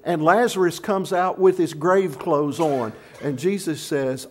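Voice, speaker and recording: A middle-aged man preaching from the pulpit in a fairly high voice. He retells the story in an easy storytelling way. He gets louder on the words he stresses and drops soft on others. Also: measured pace, few pauses. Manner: storytelling preacher, varies loudness for emphasis. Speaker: pastor. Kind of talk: sermon.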